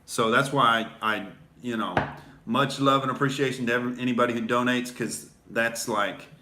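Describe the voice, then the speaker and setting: A man's voice: medium pitch, steady tone, moderate pace, bright, forceful tone, roomy sound, slight background noise. A male comedian hosting a livestream, talking in a sarcastic, rambling monologue full of fillers.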